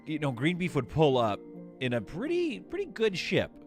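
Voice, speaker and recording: A man's voice: on the high side, huge pitch swings, normal speed, faint music behind. A man streaming a game live, rambling and joking as he thinks aloud while building. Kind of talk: casual live gameplay commentary.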